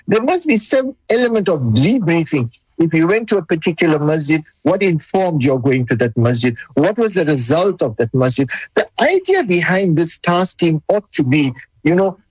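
Emphatic official, husky voice. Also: mid-range voice, no room sound, low-quality recording. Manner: deliberate and emphatic, with frequent restarts. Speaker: government official. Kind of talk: formal policy answer in an interview.

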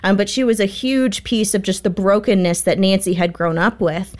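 A woman's voice: medium pitch, steady tone, moderate pace. A woman guest author telling a heartfelt story in an earnest, conversational way. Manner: earnest, storytelling, acts out quotes.

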